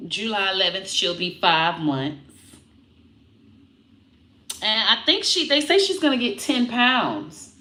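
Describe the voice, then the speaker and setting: Woman vlogger, casual chat, bright lively voice, slow and drawn out, roomy echo. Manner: animated, slips into high baby talk to her dog. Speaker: comedian vlogger talking about her puppy.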